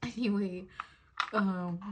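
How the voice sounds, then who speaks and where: A woman's voice: mid-range voice, husky. Giggly young woman giving a tarot reading. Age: 20s. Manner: giggly, rambling, lots of fillers. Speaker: tarot reader. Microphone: phone on a desk mount.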